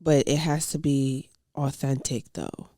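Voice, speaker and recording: A woman's voice: a bass voice, unhurried, mellow, dry recording, clean studio sound. A young woman co-hosting a casual podcast chat, emphatic and encouraging, swearing freely. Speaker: podcast co-host.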